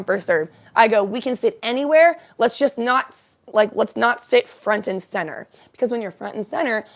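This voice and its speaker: Chatty young woman telling a story. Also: on the high side. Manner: chatty, profane, animated storytelling; greets live viewers by name. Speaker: vlogger. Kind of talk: casual storytime chat.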